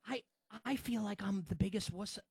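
A man's voice: high voice, moderate pace, a little mellow, slight background noise. A man in his thirties hosting a podcast, chatting in a rambling, self-deprecating way with lots of fillers. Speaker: podcast host. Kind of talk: casual podcast chat.

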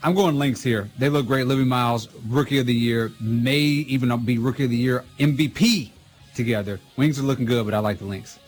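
A man's voice: mid-range voice, brisk, soft background music. A man guesting on a radio sports show, easygoing and chuckling as he makes picks. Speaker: guest co-host. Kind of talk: casual sports talk.

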